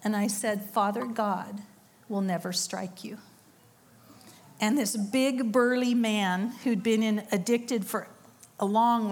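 A middle-aged woman giving a sermon, telling a story with quoted voices and laughing asides. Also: a little high. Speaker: conference speaker. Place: church or conference hall.

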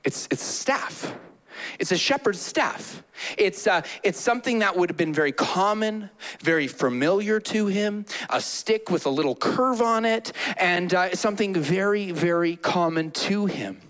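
Guy pastor preaching, super animated, does little voices for the quotes. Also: high voice, normal speed. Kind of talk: sermon.

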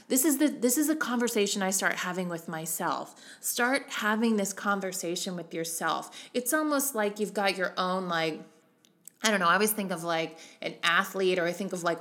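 A middle-aged woman with a slightly bright, mid-range voice coaches real estate agents on mindset. In a solo motivational talk on self-talk, she speaks with earnest emotion.

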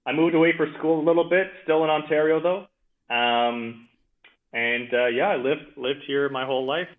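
A man's voice: fairly high pitch, moderate pace. A man from Ottawa, Canada, a podcast guest who talks easily, with many fillers and repeated words. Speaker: podcast guest, energy professional. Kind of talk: casual interview conversation. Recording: tinny phone-like line.

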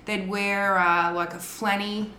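A woman's voice: mid-range voice, little pitch movement, takes it slowly, pushed and bright, slight background noise. An Australian woman co-hosting a podcast in casual chat, talking freely with plenty of swearing and explaining her slang. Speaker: podcast co-host. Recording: roomy echo.

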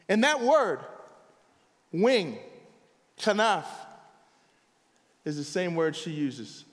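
An animated man delivers a sermon, breaking into laughter and quick asides. His voice sits high for a man. A long reverb trails behind him in the room. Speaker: pastor.

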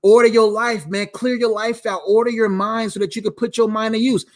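A man's voice: high-pitched, flat delivery, a little fast. A man in his thirties preaching in a casual, emphatic way, repeating his phrases as he talks like a life coach.

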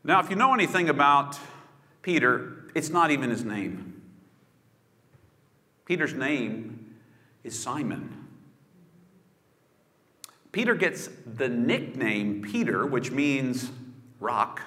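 Male pastor, sermon, lively swooping pitch, unhurried, bright tone, long echo of a big hall. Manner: conversational storytelling preacher, casual asides. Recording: echoey hall with long reverb.

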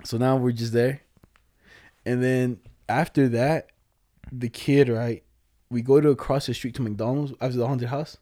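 A man's voice: medium pitch, fairly even intonation, measured pace, mellow. A young man chatting casually with a friend, telling stories in heavy slang and laughing often. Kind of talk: casual chat between friends.

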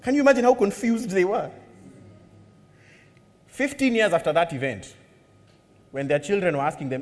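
A man preaching a sermon, animated and humorous, acting out bits of dialogue as he tells a story. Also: sits high, moderate pace, long pauses, big-room sound. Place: church hall.

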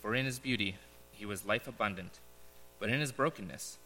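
Young preacher with a bright ringing voice. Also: male voice, lowish voice, fairly quick, slight background noise. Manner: casual, joking, then reads a story aloud. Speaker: pastor. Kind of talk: sermon. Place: church hall. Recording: echoey large hall.

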